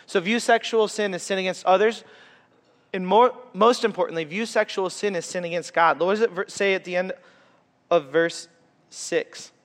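A man's voice: sits high, moderate pace, a bit bright. A man in his thirties preaching a sermon as a pastor, earnest and conversational, with personal stories and humor. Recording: echoey hall reverb.

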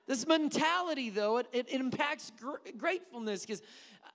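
A male pastor preaching a sermon, telling stories with humorous asides in an animated way. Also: extremely high pitch, a little fast, in a large hall. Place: church sanctuary.

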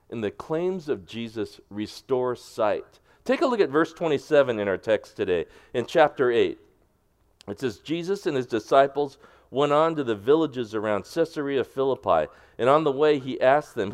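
A male pastor, preaching a sermon that swings between hushed and emphatic passages. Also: medium pitch.

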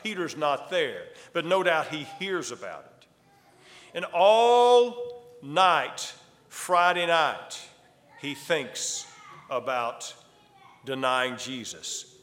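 A man preaching a sermon as a pastor, emphatic and dramatic, swinging between loud declarations and hushed lines. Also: medium pitch. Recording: long hall reverb.

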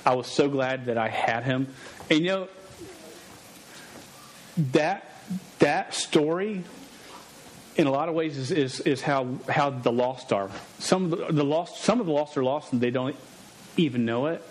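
A man's voice: a little high, unhurried, long pauses, slight background noise. Joking, stammering man preaching a story. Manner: stammering, joking and animated, often restarting words. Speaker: pastor. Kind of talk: sermon with a storytelling aside.

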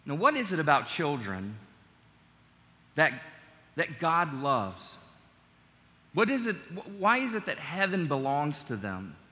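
A man's voice: a little high, big pitch swings, takes it slowly, pauses often, bright, forceful tone. A middle-aged man preaching a sermon as pastor, in a conversational, joking way with his congregation, in a large church. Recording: long church hall reverb.

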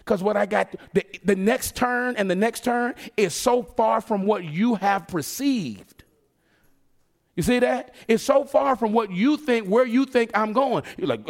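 A man preaching a sermon in a conversational, joking way, slipping into quick acted asides. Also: high-pitched, creaky.

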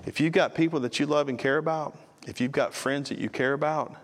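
A man's voice: on the high side, fairly quick. A man preaching a sermon in a conversational way, with casual asides to the listeners, in a church sanctuary. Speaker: pastor. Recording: long reverb of a large hall.

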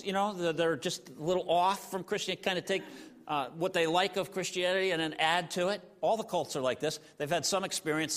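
A man preaching a sermon in an animated, conversational way, often saying "you know.". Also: a little high. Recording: long hall reverb.

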